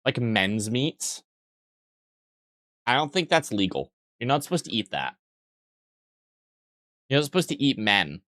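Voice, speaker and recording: A man's voice: mid-range voice, big pitch swings, measured pace, pauses often, pushed and bright, no echo, studio quality. A young man streaming live, joking crudely and rambling as he reads and answers his chat.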